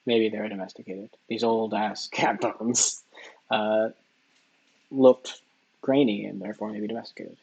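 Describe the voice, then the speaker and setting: Low gravelly guy muttering through test questions to himself, kinda husky. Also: steady tone, a little slow, lo-fi sound. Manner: mumbles questions half-aloud, thinking out loud. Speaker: test-taker and tutor. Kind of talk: think-aloud practice test, muttering while reading.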